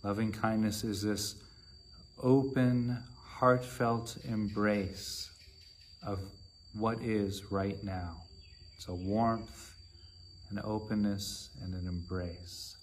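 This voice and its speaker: A man with a low-set voice gives a dharma talk as a meditation teacher. He speaks very slowly and in a measured way, letting long pauses fall between short phrases. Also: steady tone, slight background noise.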